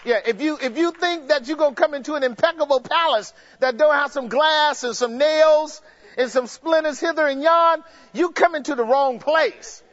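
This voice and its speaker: A man preaching a sermon in an emphatic, repetitive way that builds to shouts. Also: very high-pitched, moderate pace. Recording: dull lo-fi sound.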